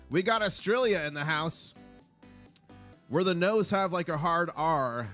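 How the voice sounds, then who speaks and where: A man's voice: a little high, animated, normal speed, faint music behind. Upbeat man hosting a livestream. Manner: upbeat, shout-outs to viewers. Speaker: livestream host. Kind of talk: casual live chat.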